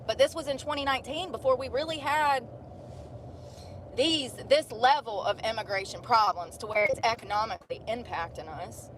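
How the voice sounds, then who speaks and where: A woman's voice: on the high side, moderate pace. A woman in her thirties chatting casually on a vlog, blunt and rambling, swearing freely as she tells stories. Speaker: vlogger. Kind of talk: casual chat. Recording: noisy outdoor street ambience.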